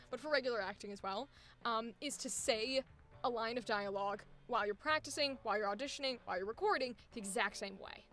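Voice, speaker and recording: A woman coaching voice actors, talking in an energetic, emphatic way with easy laughs and casual swearing. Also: on the high side. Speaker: voice acting coach. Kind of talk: coaching session.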